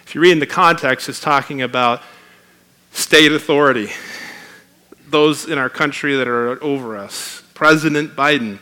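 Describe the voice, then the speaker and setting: A man's voice: medium pitch, normal speed, pushed and bright. A man preaching a sermon in a conversational, emphatic way, reading scripture aloud.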